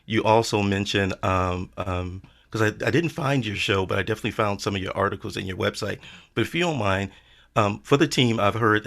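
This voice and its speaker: A man hosting a casual interview, relaxed and joking, who speaks to the viewers directly. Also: on the low side, brisk, creaky. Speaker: show host.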